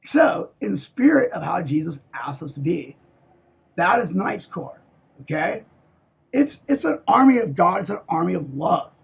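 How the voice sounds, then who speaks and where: A man in a rambling, profane monologue who swings from hushed to shouting. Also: high-pitched, big pitch swings, moderate pace, creaky, slightly rough.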